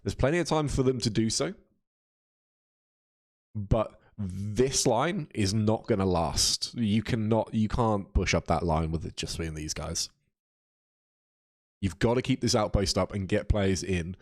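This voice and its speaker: A man's voice: lowish voice, measured pace, pauses often, darkish tone, no echo, clean studio sound. A man casting a live video game match, talking casually and reacting to chat between plays. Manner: casual, chatty, reads chat aloud. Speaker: esports caster.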